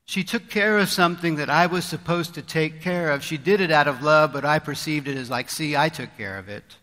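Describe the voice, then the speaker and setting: A man's voice: fairly high pitch, steady tone, fairly quick, pushed and bright, in a large hall. A male pastor preaching a sermon in an earnest, conversational way, often asking his listeners rhetorical questions.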